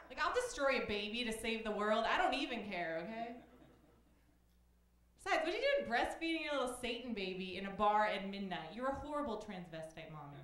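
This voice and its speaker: A woman from Oklahoma doing a stand-up set at an open mic, with wry, deadpan storytelling. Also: medium pitch. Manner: wry, deadpan storytelling with sudden voiced quotes. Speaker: stand-up comic. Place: small comedy club stage. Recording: echoey comedy club.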